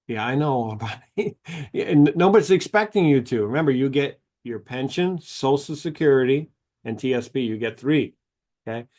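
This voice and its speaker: A man's voice: mid-range voice, darkish tone. Chatty man giving a benefits seminar. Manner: chatty, tells anecdotes, acts out dialogue. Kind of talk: seminar talk on retirement benefits.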